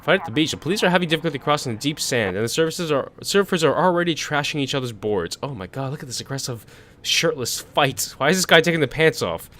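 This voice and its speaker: A man's voice: a little high, lively intonation, fast, a bit bright. A young man doing let's-play commentary on a desk condenser mic, reading case text aloud with stumbles and swearing. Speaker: gaming youtuber. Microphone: desk condenser microphone.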